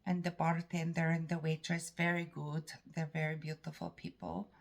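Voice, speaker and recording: A Canadian woman vlogging about her day, speaking haltingly with many pauses and fillers. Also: deep voice, level tone. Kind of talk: personal vlog talk.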